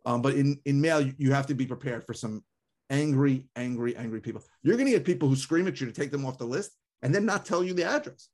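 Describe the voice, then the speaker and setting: A man's voice: medium pitch, quick pace. A man, co-hosting a casual podcast conversation and telling stories animatedly, acting out callers. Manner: animated storyteller, acts out callers. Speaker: podcast co-host.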